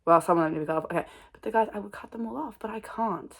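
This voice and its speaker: Rambling creaky-voiced young woman. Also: mid-range voice, very fast. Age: young adult. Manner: rambling, oversharing, laughs often, many restarts. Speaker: vlogger. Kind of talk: casual rambling chat to camera.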